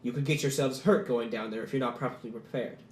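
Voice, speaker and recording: Casting: a man doing a stately, courteous ruler, raised and measured, echoey room. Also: medium pitch, close to an everyday voice. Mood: formal. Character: formal imposing male city ruler.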